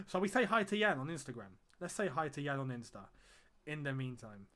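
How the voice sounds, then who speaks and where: Young man, high voice, live-stream host, casual chat, reads viewer comments, repeats phrases. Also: sing-song, moderate pace, fairly bright tone. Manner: chatty, thanks viewers and reads out their comments. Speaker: fan channel host.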